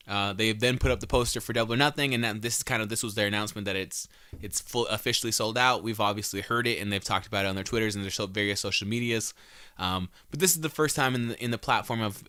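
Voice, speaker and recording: A man's voice: fairly low pitch, bright, forceful tone, no room sound, studio quality. A man hosting a podcast, recapping wrestling shows in a rambling, profane, casual way with many restarts. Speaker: podcast host.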